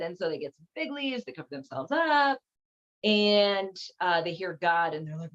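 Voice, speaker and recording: A woman hosts a show with a fairly low, slightly bright voice, lively intonation and a normal pace. Her casual commentary is chatty and irreverent, packed with fillers. The lo-fi audio sounds a little dull.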